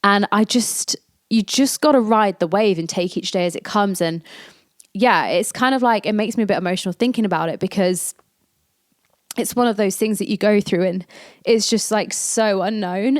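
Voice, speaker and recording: A woman's voice: medium pitch, normal speed, dry recording, studio quality. A woman, hosting a podcast and candidly telling a personal story in a chatty way, acting out the lines of the people in it. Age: 20s. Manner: candid and chatty, acts out quoted dialogue. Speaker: podcast host.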